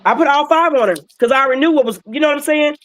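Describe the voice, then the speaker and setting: A woman telling a client's story in a casual, animated way, with emotional moments. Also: sits high, very fast, low-quality recording. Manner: animated, emotional retelling with acted quotes. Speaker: wellness patch seller sharing a client story.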